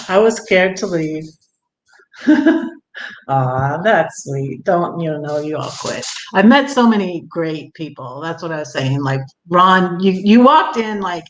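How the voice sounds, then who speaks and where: A woman's voice: fairly low pitch, a bit bright. Chatty older woman in an echoey room. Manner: chatty, greeting viewers, laughs often. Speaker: livestream vlogger. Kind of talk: casual livestream chat.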